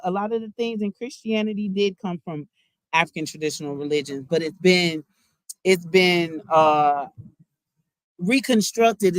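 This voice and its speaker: A woman with a lowish voice does a chatty spiritual card reading, speaking slangily and addressing viewers directly. The sound is dry and close, with no echo.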